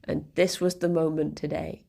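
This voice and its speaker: A woman's voice: low voice, little pitch movement, moderate pace, creaky, warm tone. A young woman chatting casually on a live stream at home, rambling with lots of restarts and giggles. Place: home, sat on the floor with pet rabbits.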